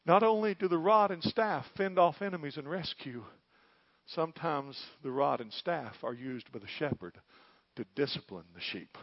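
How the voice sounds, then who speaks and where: Preacher, man, folksy and fervent, slightly high voice, dry and a bit dull recording. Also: animated, normal speed, no echo. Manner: folksy, impassioned, voice swells to loud peaks. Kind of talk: sermon.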